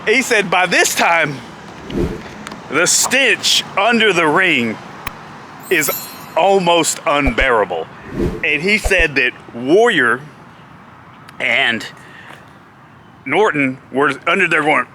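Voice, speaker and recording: A man's voice: fairly high pitch, expressive, takes it slowly, long pauses, sharp tone, a little hiss or hum. A man in a casual vlog telling a funny road story, laughing often as he talks.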